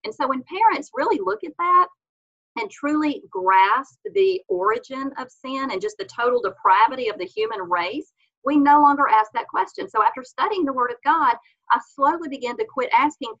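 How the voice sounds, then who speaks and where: A woman with a bright, fairly high voice explains parenting from a faith view in an earnest, teaching way. She often slips into the gentle tone she uses with her children. The audio sounds a little dull and lo-fi. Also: expressive, normal speed. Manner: earnest, explanatory, acts out mother-child dialogues. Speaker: guest on parenting podcast. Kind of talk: faith-based parenting talk.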